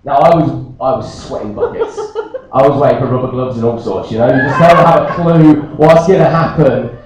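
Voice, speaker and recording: A man's voice: mid-range voice, a little mellow, slight background noise. British man, pastor, jokey sermon storyteller; distant mic, big church echo. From Britain.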